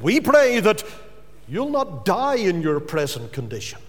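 A man's voice: high voice, wildly swooping pitch, unhurried, big-room sound. A man preaching a sermon as pastor, earnest and pleading with his hearers.

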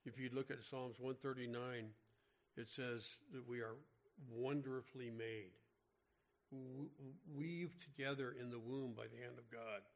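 A man's voice: medium pitch, steady tone, a little slow. A man giving an informal Bible study sermon, talking conversationally with frequent restarts. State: mentions having an irregular heartbeat. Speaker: Bible teacher.

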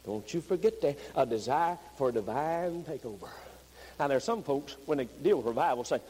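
A man preaching a revival sermon, moving from low, plain talk up to high, shouted pleading. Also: lively intonation, a little fast, a little hiss or hum, low-quality recording.

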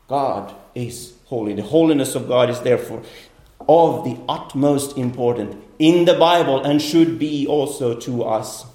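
A man's voice: mid-range voice, unhurried, warm tone. A man preaching a sermon, earnest, often repeating words and restarting phrases as he explains. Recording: echoey room.

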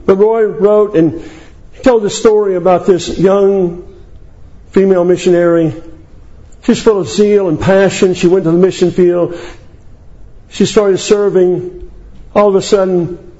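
A male preacher delivering a sermon, emphatic and climbing into high declamation. His voice sits high but sounds mellow and warm. The recording is dull and lo-fi. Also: steady tone, measured pace, long pauses. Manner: emphatic, rising to high declamation on scripture lists.

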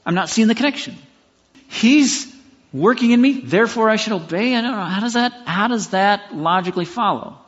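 Husky-voiced man teaching scripture. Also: high voice, moderate pace. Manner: conversational, emphatic, with self-questioning asides. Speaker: pastor and podcast host. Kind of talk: expository Bible teaching. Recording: dull lo-fi sound with long reverb.

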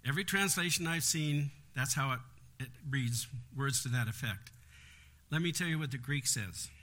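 A man's voice: mid-range voice, moderate pace, pushed and bright. A man leading a Bible study in an earnest, explanatory way, with frequent conversational asides.

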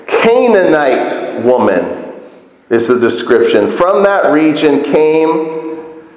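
Male pastor, conversational sermon, long room echo. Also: a little high. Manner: conversational, animated, asks the congregation questions.

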